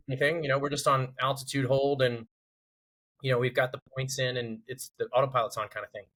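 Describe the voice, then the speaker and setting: A man's voice: medium pitch, fast, rough recording. A man telling a funny military story in casual chat, acting out the others' lines in a raised voice. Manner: animated, acts out quotes with rising voice. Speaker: podcast host.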